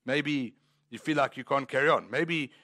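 A man's voice: medium pitch, normal speed, pushed and bright. A man pastor preaching a sermon in a church, talking conversationally and rising into emphatic swells.

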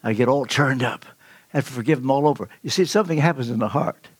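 An older man preaching a sermon, telling stories with emphatic swings in pitch. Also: fast, husky, dry recording. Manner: storytelling, emphatic with sudden pitch leaps.

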